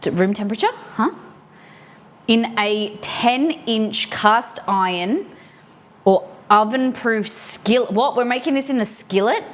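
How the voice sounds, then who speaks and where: A woman's voice: a little high, unhurried. Chatty woman cooking live for chat. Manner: chatty, answers chat while cooking and reading a recipe aloud. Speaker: live-stream cooking host. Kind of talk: casual live-stream chat. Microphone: streaming mic.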